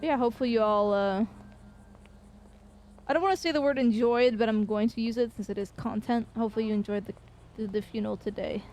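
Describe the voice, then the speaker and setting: A woman game streamer talking casually to her viewers in a slightly high voice. She rambles loosely, drops curse words and fills gaps with "um" and "uh". A faint background hum sits under her voice. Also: a little fast, a little mellow. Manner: loose and chatty with swearing and filler hesitations.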